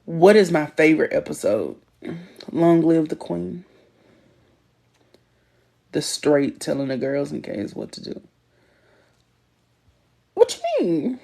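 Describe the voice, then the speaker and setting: A woman hosting a casual live stream and answering viewer comments. She talks in an animated, emphatic way and laughs often. Her voice sits a little low for a woman. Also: unhurried, gravelly, pauses often. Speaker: livestream host. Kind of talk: casual livestream chat reading comments.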